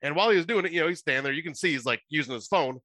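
A man co-hosts a casual podcast with a very bright, forward tone, recorded close and dry. He rambles easily through his stories, filling gaps with "uh" and "like.". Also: fairly high pitch, animated, rapid-fire, dry recording. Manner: rambling, easygoing storyteller, full of "uh" and "like". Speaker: podcast co-host.

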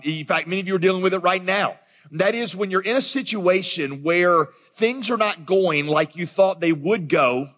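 Man, pastor, conversational and animated sermon, light high voice, long hall reverb. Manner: conversational, animated preaching with asides to the congregation. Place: large church auditorium.

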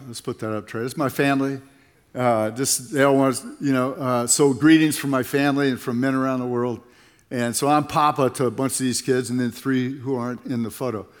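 An older man in his seventies, speaking as a conference speaker in an earnest, folksy way with repeated phrases. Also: mid-range voice. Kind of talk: sermon with prayer and jokes.

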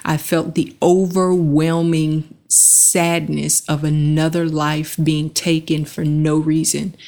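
A woman giving an earnest, measured reflective monologue that leads the listener through slow breathing, pausing between phrases. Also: low voice, darkish tone.

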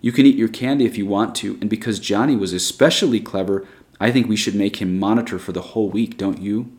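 A man reading a story aloud, voicing a gentle, persuasive female schoolteacher who speaks softly and coaxingly. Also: on the low side, quick pace, natural voice.

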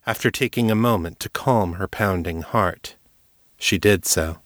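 A man giving a steady, measured scripted narration of a fantasy story. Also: sits low, dry recording, clean studio sound. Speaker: audiobook narrator.

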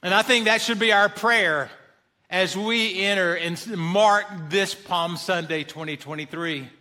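A man's voice: high-pitched, a little slow, sharp tone. A man preaching a sermon as pastor, emphatic, rising on questions and quoted cries.

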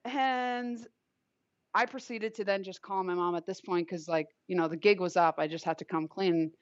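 A woman's voice: fairly low pitch, fairly even intonation, fairly quick, no echo. A young woman from Long Island telling a personal story in a casual, chatty way, filling her sentences with "like.". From Long Island, New York. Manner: chatty, heavy use of "like" fillers. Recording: dull, lo-fi, dry recording.

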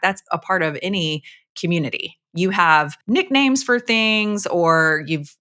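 A woman's voice: sits low, a bit bright. Chatty Southern woman co-hosting a podcast. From Southern United States, Jacksonville. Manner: chatty, laughs often, loose restarts. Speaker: podcast co-host. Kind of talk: casual podcast chat.

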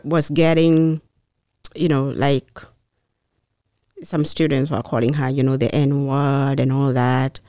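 A middle-aged woman, a guest telling personal stories in an earnest, measured way with thoughtful pauses. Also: deep voice, a little mellow, no echo, clean studio sound. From Kenya. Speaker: mayoral candidate, guest. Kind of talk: personal storytelling in conversation.

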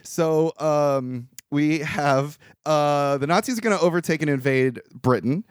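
A man's voice: on the high side, a little slow, clear, resonant tone, no echo, studio quality. A man hosting a podcast who recaps a movie in casual chat, joking and laughing often. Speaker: podcast host.

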